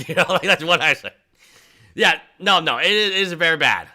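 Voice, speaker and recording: Male streamer host, thirties, bright and slightly high, rambling casual chat with mocking impressions. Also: brisk. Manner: rambling, animated, mocks people in high voices. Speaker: livestream host.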